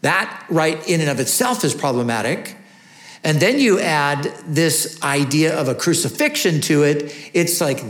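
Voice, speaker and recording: Man preaching a sermon, slightly high voice. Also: expressive, unhurried, fairly bright tone. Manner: earnest teaching tone with rhetorical questions. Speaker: pastor. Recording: echoey room.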